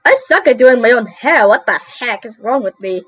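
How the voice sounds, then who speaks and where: A drawing video host chats casually while she sketches, exclaiming and teasing herself over her own mistakes. Her voice is a little high, animated and a bit bright, with a breathy edge, at a normal speed. It's a dull, dry recording picked up on a computer mic through a screen recorder.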